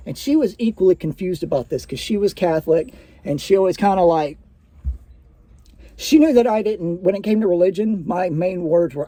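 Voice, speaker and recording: A man's voice: high-pitched, expressive, normal speed, dark tone, dry recording. A man telling a personal story in a casual, profane way, full of restarts and fillers.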